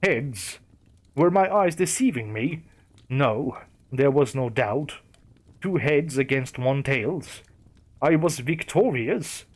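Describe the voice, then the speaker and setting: A man reading a first-person horror story aloud with a steady storytelling delivery. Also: mid-range voice, takes it slowly. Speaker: narrator. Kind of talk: scripted horror story narration.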